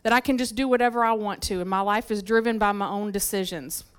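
A woman preaching a conversational sermon in church, telling stories from her life with lively asides to the congregation. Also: mid-range voice, quick pace, clear, resonant tone. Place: church sanctuary.

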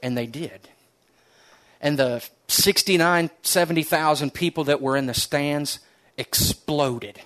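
Earnest preacher man, slightly high voice. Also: a little slow. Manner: earnest storytelling preacher, dropping to soft, hushed tones for emphasis. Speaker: pastor. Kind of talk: sermon.

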